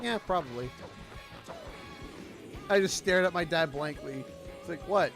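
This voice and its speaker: Animated bright-voiced man streaming. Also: fairly high pitch, moderate pace, long pauses. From Canada. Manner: animated storytelling with mock quoted voices. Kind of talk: casual livestream chat. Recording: faint music behind.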